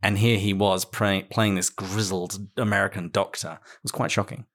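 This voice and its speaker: A British man hosts a relaxed interview, asking questions in a measured, dryly understated way. His voice sits somewhat low for a man. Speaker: podcast host. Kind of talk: interview conversation.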